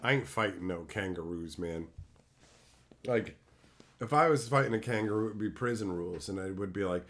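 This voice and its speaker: In a lowish, slightly bright voice at normal speed, a man chats on a livestream, riffing on messages from viewers. His jokes are crude and profane.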